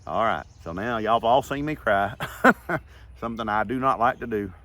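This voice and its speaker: A man's voice: on the low side, normal speed, fairly bright tone. A man, telling stories in a folksy, rambling and heartfelt way in a casual vlog. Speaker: vlogger.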